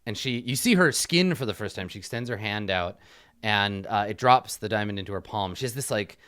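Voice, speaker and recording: A man running a tabletop game, narrating scenes casually with lots of filler words. His voice is low and the sound is close and dry. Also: expressive, brisk, fairly bright tone, clear, resonant tone, no room sound. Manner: casual, descriptive, many fillers. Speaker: game master.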